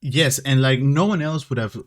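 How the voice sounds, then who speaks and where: A soft-spoken man co-hosts a podcast in casual chat. English is not his first language, and he speaks hesitantly, often stumbling and repeating words. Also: medium pitch, normal speed. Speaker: podcast co-host.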